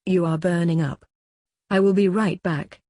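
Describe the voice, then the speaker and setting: A woman voicing a bossy, sharp-tongued teenage little sister. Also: on the low side, fairly even intonation, moderate pace, dry recording, clean studio sound, close to an everyday voice. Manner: bossy, snappy.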